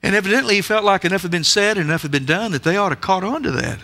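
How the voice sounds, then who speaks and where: Male preacher, sermon delivery, emphatic questioner, sharp bright tone. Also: high voice, fast, creaky, soft background music. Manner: emphatic, asks the listeners many rhetorical questions. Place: church sanctuary.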